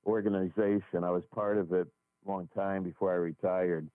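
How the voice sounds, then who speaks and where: An older retired man calls in to a radio show. His voice sits a bit low, and he speaks in a plain, matter-of-fact way. He comes through a tinny phone line. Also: flat delivery, moderate pace, no room sound. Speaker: caller. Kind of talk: call-in radio chat.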